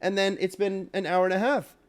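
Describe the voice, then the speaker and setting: Young male podcast co-host, casual, gets loud and animated mid-story. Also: high voice, fairly quick.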